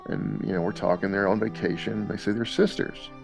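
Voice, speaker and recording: Deep gravelly guy chatting on a podcast, animated storyteller, soft music under it. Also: a little fast. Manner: animated storyteller, laughs often. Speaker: podcast guest dad. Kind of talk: casual storytelling.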